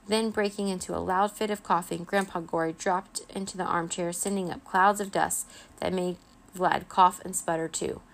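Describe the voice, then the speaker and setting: A woman narrating a children's chapter book aloud, steady and expressive. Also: on the low side, normal speed, vocal fry. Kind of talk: children's storybook reading.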